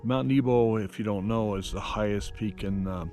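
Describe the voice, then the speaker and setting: A man's voice: fairly low pitch, normal speed, faint music behind. A middle-aged man, a nature photographer, talking casually to camera at a mountain overlook, rambling with plenty of fillers. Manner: relaxed, rambling, many fillers. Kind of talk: casual outdoor vlog narration.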